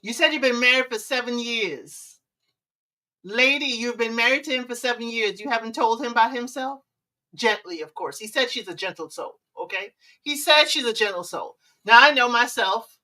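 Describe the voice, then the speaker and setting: A woman hosting a live advice stream, sassy and teasing, with disapproving hums between her remarks. Her voice sits a little high and sounds bright and forceful. She is some distance from the mic. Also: normal speed. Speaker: livestream host giving relationship advice. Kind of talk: casual live commentary.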